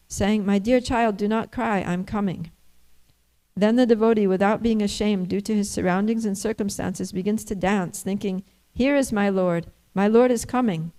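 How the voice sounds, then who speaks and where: A woman's voice: medium pitch, warm tone, poor audio. A woman giving a scripture class, telling a story and reading commentary aloud in a conversational way with many fillers. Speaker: religious class speaker.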